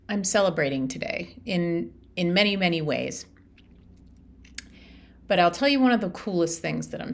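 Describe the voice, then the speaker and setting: A woman's voice: on the low side, gravelly. A woman hosting her own podcast, talking through a personal story in an earnest, chatty, reflective way with frequent restarts. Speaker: podcast host. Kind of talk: casual reflective monologue.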